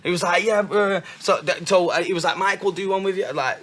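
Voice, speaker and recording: A man's voice: high voice, fairly quick. A man, a guest rapper telling stories in casual chat, swearing often. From Manchester. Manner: animated storytelling, swears often.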